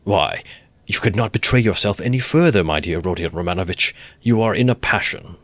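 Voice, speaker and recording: A man's voice: sits low, animated, brisk, no room sound. A man voicing a sly middle-aged male magistrate who mocks and gloats. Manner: sly, mocking, playful.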